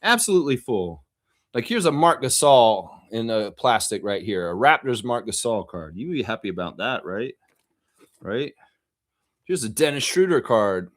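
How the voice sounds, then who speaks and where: A man hosting a casual live stream, excitedly rambling to his viewers as he shows off things. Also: medium pitch, moderate pace. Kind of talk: casual live-stream chat showing off his card collection.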